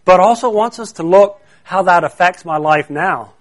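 Earnest high-voiced male preacher. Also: normal speed. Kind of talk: sermon.

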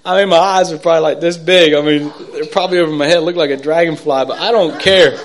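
A man giving an earnest personal faith testimony, rambling with restarts and asides to listeners, swinging between hushed near-whispers and excited loud bursts. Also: fairly high pitch, fast.

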